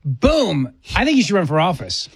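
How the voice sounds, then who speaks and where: A male talk radio host with a somewhat high-pitched voice, upbeat and punchy, tossing out quick cheers. His voice sits dry and close to the mic. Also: huge pitch swings, slightly rough, no room sound. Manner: enthusiastic, punchy interjections.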